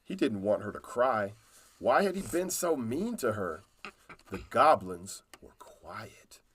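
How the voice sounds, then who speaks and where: A man reading a children's storybook aloud in a calm, unhurried way. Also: fairly low pitch, slightly rough.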